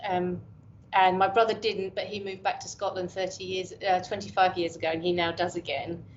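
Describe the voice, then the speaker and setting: An English woman in her fifties, a professor, answers interview questions in a candid, chatty way and teases herself now and then. Her voice sits fairly low. The audio is dull and lo-fi, with a soft hiss behind it. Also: little pitch movement, a little fast. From England. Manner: candid, chatty, self-deprecating. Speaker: professor guest. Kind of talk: reflective casual interview talk.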